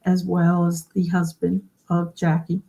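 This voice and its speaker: A woman's voice: fairly low pitch, completely flat delivery, a little slow, creaky, mellow. A woman hosting a casual livestream. She explains things in a chatty way and often asks her viewers questions. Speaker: host of a genealogy livestream.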